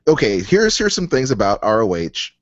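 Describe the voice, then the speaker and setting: A man co-hosting a wrestling podcast in casual chat, halting and restarting his sentences. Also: fairly low pitch, sing-song, dry recording. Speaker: podcast co-host. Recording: dry, dull lo-fi podcast audio.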